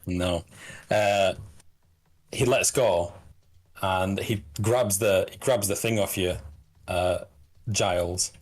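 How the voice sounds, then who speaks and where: A man narrating as game master of a tabletop game, halting with fillers and restarts. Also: sits low, fairly even intonation.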